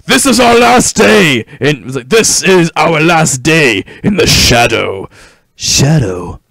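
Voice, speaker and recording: A man shouting as a gravelly fire-wielding villain. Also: fairly high pitch, sing-song, slow pace, no echo, pitched below the performer's own voice, exaggerated voice. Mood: fiery ranting. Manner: shouting, theatrical and overblown. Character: screaming male flame-wielding boss villain. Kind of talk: let's play commentary with voiced game lines.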